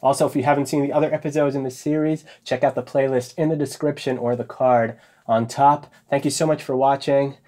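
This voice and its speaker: A man's voice: medium pitch, brisk. Easygoing man musing in his studio. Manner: relaxed, thinking aloud while composing. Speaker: music composer and video host. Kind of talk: casual studio vlog narration. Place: home music studio with synthesizers.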